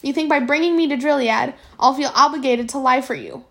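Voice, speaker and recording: A woman reading aloud and voicing a proud teenage servant girl who speaks in a sharp, accusing, hurt way. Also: sits high, brisk, lightly acted. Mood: angry.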